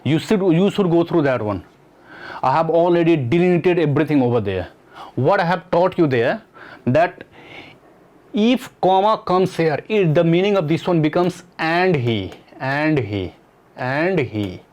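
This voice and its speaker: A man's voice: a little high, expressive, normal speed, darkish tone, lo-fi sound. Man teaching grammar. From Nepal. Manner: repetitive, explaining step by step with questions to students. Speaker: English teacher. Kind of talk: exam-prep grammar lesson.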